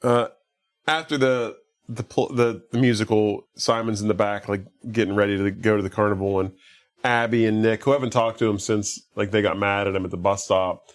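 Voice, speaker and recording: A man's voice: fairly low pitch, fairly even intonation, brisk. A man casually recapping a movie on a podcast, rambling with lots of fillers and acting out the characters' lines. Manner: rambling, lots of "like", acts out quotes. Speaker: podcast co-host.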